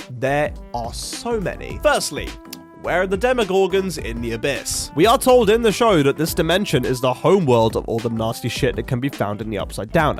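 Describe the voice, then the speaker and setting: A young man reviewing a TV finale in a sarcastic, swearing rant. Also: medium pitch. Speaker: YouTube reviewer. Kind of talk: ranting TV review commentary.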